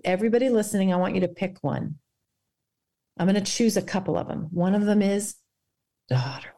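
A woman guest on a faith podcast, speaking earnestly and guiding listeners through a quiet reflection. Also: mid-range voice.

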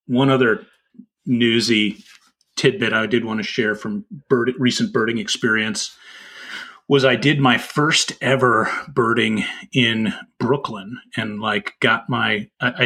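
Husky man telling a casual story. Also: mid-range voice, unhurried. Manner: relaxed storytelling, many fillers. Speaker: podcast co-host. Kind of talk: casual chat.

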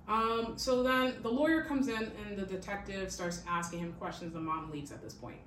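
Animated and fairly quick with few pauses, this podcast host's mid-range, fairly bright voice carries a chatty true-crime story filled with "like" and "okay?". The audio has room echo, a distant mic, and faint hiss.

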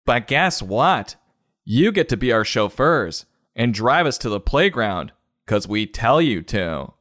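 A man putting on the voices of smug, bossy schoolchildren in a comedy book review, high and sing-song. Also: very animated, slow pace, a bit bright, no room sound, studio quality.

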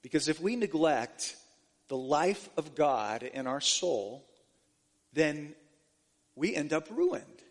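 Male preacher, slightly high voice, earnest sermon delivery, long hall reverb. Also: lively intonation, takes it slowly, pauses often. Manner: earnest, restarting phrases, quoting scripture. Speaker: pastor.

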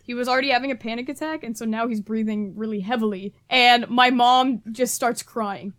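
High-voiced young woman telling a story. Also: brisk. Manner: animated, acts out family quotes, laughs often. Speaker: podcast co-host. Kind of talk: casual storytelling chat.

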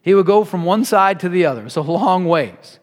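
Man preaching, storytelling sermon, conversational and animated, high voice, long hall reverb. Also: normal speed.

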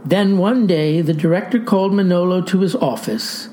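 A woman's voice: lowish voice, moderate pace, warm tone, slight background noise. A woman host reading a satirical storybook aloud with mock earnestness.

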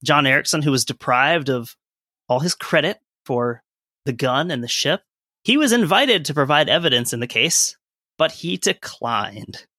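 A man with a bright, forceful voice co-hosts a casual history podcast. He explains events in a conversational way, dropping in asides as he reads from his sources. The recording is close and dry. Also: medium pitch, lively intonation, a little slow, no room sound. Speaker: podcast co-host.

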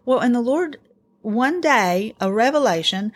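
A middle-aged woman hosting a casual faith-based parenting talk, earnest and encouraging, telling family stories in an animated way. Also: a little high, measured pace, slightly rough. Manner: earnest, encouraging, animated storytelling with acted quotes. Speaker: podcast host.

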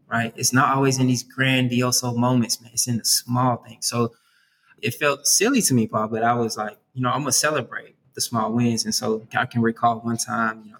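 A man with an average pitch talks in an easy, conversational way. He sounds upbeat and earnest, and he drops "man" and "right?" into nearly every sentence. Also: a bit bright, a little hiss or hum. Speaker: youth worker, guest. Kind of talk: conversational interview.

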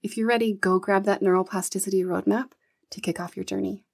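A woman's voice: medium pitch, fairly even intonation, a little fast, gravelly. A woman hosting her own podcast, talking earnestly and encouragingly, with casual swearing and an emotional edge. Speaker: podcast host. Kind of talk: solo motivational podcast talk.

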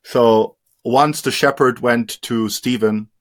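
This interview guest is an adult man from India offering personal testimony in a steady, mid-range voice. His delivery stumbles with fillers and false starts, and his words often trail off into quiet.

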